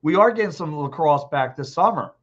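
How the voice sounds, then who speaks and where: A man in his fifties hosting a podcast, talking sports alone and reading out live comments, blunt and excitable, repeating himself, a little hoarse with a dry throat. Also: a little high, brisk. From Philadelphia. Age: 50s. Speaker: podcast host. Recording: dull lo-fi stream audio.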